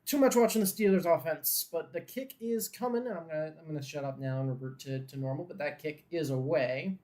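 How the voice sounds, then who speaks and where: Male watchalong host, a bit higher-pitched, frustrated fan who turns into an eager play-by-play caller. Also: brisk. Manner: frustrated fan grumbling, swearing, bursts of excitement on big plays. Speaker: host of a live game watchalong. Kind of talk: casual live game commentary.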